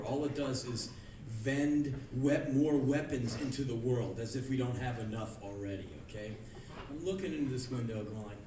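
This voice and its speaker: A man in his thirties doing live spoken word storytelling on a concert club stage, animated and bursting into loud acted-out quotes. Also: medium pitch, normal speed. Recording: echoey live club recording from far off. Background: audience laughter and room noise.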